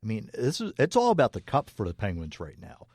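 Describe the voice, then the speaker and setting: A man's voice: lowish voice, wildly swooping pitch, fairly quick, darkish tone, dry recording, clean studio sound. A man co-hosting a casual hockey podcast, easygoing, laughing often and talking with many fillers. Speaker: podcast co-host. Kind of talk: casual sports chat.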